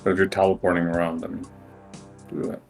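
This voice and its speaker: A man chatting casually with a friend while they play a game together, asking quick questions. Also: low-pitched, flat delivery, gravelly, a little mellow, faint music behind. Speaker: co-player. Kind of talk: casual gameplay chat.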